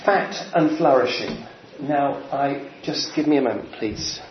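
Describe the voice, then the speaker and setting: Throat-clearing preacher in a very echoey hall. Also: male voice, mid-range voice. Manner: unhurried, pausing, often clears throat. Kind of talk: sermon. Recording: very echoey, dull church sound with faint hiss.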